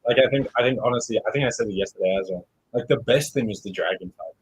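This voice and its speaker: A man in a casual chat, talking in an animated, excitable way. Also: mid-range voice, fast talker, breathy edge, dry recording, poor audio.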